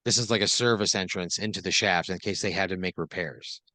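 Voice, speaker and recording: A man's voice: sits low, a little fast, sharp tone, no room sound. A man improvising a comedic second-person story on a podcast, rambling loosely with lots of fillers.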